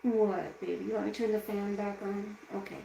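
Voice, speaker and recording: A woman hosting a casual live stream from home, her voice gravelly with plenty of fry. She rants with indignation, then softens into cooing baby talk with her pet. A faint hiss sits under the voice. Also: medium pitch, flat delivery, normal speed, rough recording. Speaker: livestream host.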